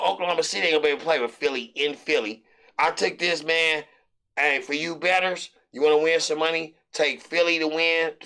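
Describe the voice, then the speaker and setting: Male host, fairly high, gravelly voice, loose hype delivery of sports betting picks. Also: sharp tone.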